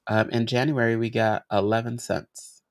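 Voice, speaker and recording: A woman's voice: rumbling low, level tone, normal speed. A woman co-hosting a podcast, talking in a hesitant, unsure way with many fillers. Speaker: co-host. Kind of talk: casual chat.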